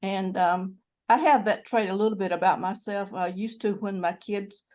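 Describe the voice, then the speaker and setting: An older woman from North Carolina, USA, with a North Carolina Southern American accent, hosts a casual video-call chat on her channel. Her mid-range voice has a dark tone, fairly even intonation and a moderate pace, and she rambles with lots of fillers and restarts.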